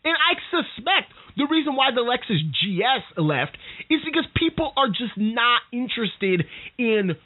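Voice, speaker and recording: A podcast host rants in a lively, sing-song voice that swoops up and down, sounding exasperated and often stumbling over words. The recording is tinny and phone-like. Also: medium pitch, moderate pace. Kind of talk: casual solo rant.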